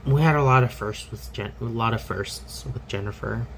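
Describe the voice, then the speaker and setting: A man's voice: mid-range voice, normal speed, slight background noise, poor audio. A man telling a personal story in a candid, rambling way, full of fillers and restarts.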